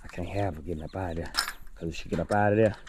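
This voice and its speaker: A man's voice: deep voice, fairly even intonation, rapid-fire, heavy background noise. A man vlogging outdoors as he works, folksy and talking straight to his viewers, often repeating his phrases. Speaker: homestead vlogger. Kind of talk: casual talk to camera while working. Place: outdoors in a yard.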